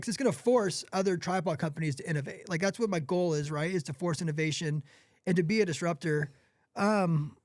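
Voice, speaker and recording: A man in his forties with a fairly high voice speaks as a podcast guest, earnest and apologetic, circling back and restarting his sentences. The sound is close and dry, with no room around it. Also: dry recording. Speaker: podcast guest, gear company owner. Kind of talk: candid podcast conversation.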